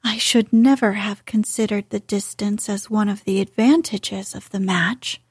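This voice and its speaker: A woman reading the lines of a spirited young woman with polite, quick-witted replies, in an audiobook. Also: mid-range voice, steady tone, breathy edge, no echo, clean studio sound.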